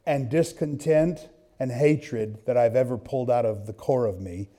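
Animated male preacher, warm low tone. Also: unhurried. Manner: animated, swinging from hushed to loud. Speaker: pastor. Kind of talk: sermon with storytelling.

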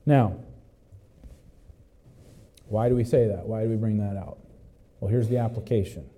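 A man preaching a sermon, emphatic and repetitive, asking the congregation questions and swinging between loud cries and low, intense passages. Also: measured pace, rough recording. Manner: repeats phrases, asks the congregation questions. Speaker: pastor.

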